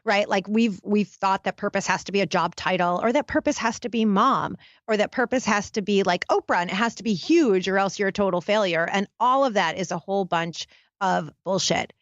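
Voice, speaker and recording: A woman's voice: mid-range voice, fairly quick, dry recording. Intense storytelling woman on a dull line. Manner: intense, dramatic storyteller who addresses listeners directly. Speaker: guest, happiness expert. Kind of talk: candid storytelling interview talk.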